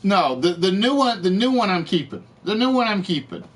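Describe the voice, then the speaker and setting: A man hosting a live game show stream, ranting to his chat in an animated, exasperated way, his voice cracking. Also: high voice, brisk. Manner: animated, exasperated storytelling with repetitions. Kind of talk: casual rant to live chat.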